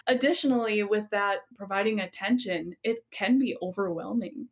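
A woman's voice: mid-range voice, normal speed. A woman co-hosting a podcast, explaining with earnest empathy in a casual, conversational way. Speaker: podcast co-host.

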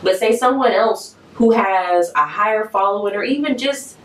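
A woman's voice: medium pitch, normal speed. Profane, outspoken woman in an echoey room. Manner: blunt, profane, animated. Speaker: podcast co-host. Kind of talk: casual chat. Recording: roomy, mic at a distance.

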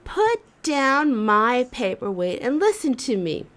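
A woman voicing an angry male office boss who shouts and scolds. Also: high voice, sing-song, slow pace, pitched above the performer's own voice, full character voice.

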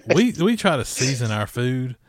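A man's voice: medium pitch, sing-song, moderate pace, noisy background. A man, hosting a casual chat and telling stories with laughs and restarts. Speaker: podcast host.

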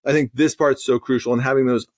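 Male podcast host, mid-pitched, rambling, dry close sound. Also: fairly even intonation, fast, no echo. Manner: rambling, many fillers and restarts while retelling a story. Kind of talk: casual podcast conversation.

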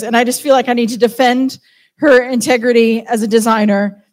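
A British woman delivers a relaxed church sermon, chatty and self-deprecating between the readings. Her voice sits a little high, and she jokes easily with the congregation. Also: normal speed. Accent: British English. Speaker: church team member preaching. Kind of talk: informal sermon.

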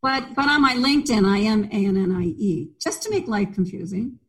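A woman's voice: medium pitch, animated, brisk, husky, low-quality recording. An older woman talking as a podcast guest on a video call, chatty and playful, poking fun at herself. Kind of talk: casual video-call interview.

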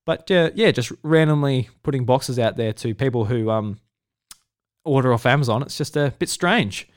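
A man's voice: mid-range voice, expressive, normal speed, no room sound, studio quality. A man with an Australian accent hosting a solo podcast in a casual, rambling way, full of fillers and restarts. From South Australia. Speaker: podcast host.

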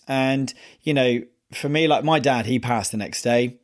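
A man's voice: mid-range voice, moderate pace, hardly any pauses. Guy hosting a podcast, earnest, lots of ums and restarts, mid-range voice. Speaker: podcast host. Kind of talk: personal storytelling monologue.

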